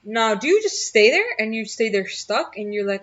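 A woman's voice: fairly high pitch, big pitch swings, moderate pace, muffled recording. A young woman hosting a solo motivational podcast, talking earnestly and emphatically, often repeating her key phrases. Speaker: podcast host.

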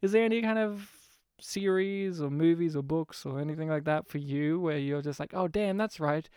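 A man co-hosting a casual movie podcast, laughing often, swearing now and then, and breaking into quick impressions. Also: a little high, steady tone, dark tone, smooth, dry recording, studio quality. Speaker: podcast co-host.

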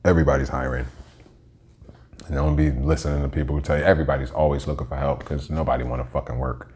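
On his podcast, this host tells stories fast in an extremely low, level, slightly mellow voice. The monologue rambles, leans on slang, and is heavy with swearing.

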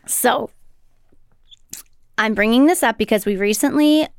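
Woman, 40s, podcast co-host: blunt, profane, smooth higher voice, dry close sound. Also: no echo. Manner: blunt, profane, quick to act out quotes. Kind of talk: casual chat.

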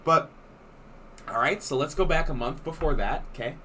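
A young man on a casual podcast tells a story with animated energy. He swears freely as he goes. Faint background noise sits under his voice. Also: fairly high pitch, moderate pace. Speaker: podcast co-host. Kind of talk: casual chat.

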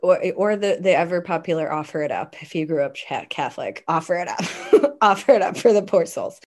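Woman, low voice, podcast co-host, casual chat, laughs while talking. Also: lively intonation, a little fast, a little mellow.

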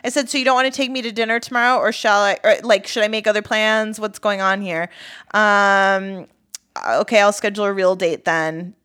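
A woman's voice: medium pitch, fairly even intonation, normal speed, a bit bright, smooth. Candid woman retelling a story. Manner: candid, blunt retelling of text messages. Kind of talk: casual storytelling chat.

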